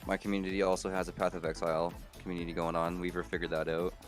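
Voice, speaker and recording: Man, very low voice, laid-back streamer, laughs easily, faint music behind. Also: little pitch movement, racing. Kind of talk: casual gaming voice chat.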